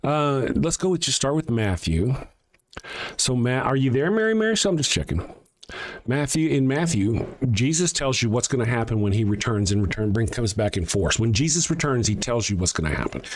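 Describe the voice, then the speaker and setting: A man's voice: mid-range voice, sing-song, normal speed. A man hosting a livestream, answering chat sarcastically and reading out verses in casual commentary. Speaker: livestream host.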